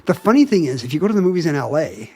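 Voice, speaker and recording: A man's voice: fairly high pitch, big pitch swings, very fast, darkish tone, slightly rough. A man co-hosting a podcast in casual chat, joking and explaining at length. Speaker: podcast co-host.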